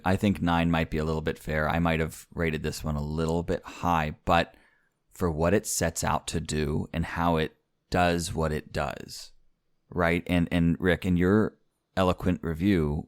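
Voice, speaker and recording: A man's voice: a bass voice, no echo, clean studio sound. A man co-hosting a casual podcast, easygoing and joking, now and then reading a written review. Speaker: podcast co-host.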